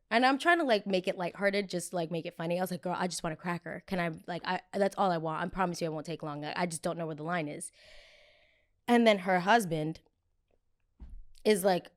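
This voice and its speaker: A woman's voice: on the low side, a little fast. A young woman hosting a podcast, telling a story casually and acting out the people in it with exaggerated voices. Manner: animated, acts out quotes in exaggerated voices. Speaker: podcast host.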